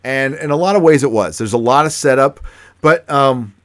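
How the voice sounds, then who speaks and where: A man co-hosting a casual movie review chat, excited and full of restarts and fillers. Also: mid-range voice, normal speed, no echo, studio quality. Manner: animated, many restarts and fillers. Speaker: podcast co-host.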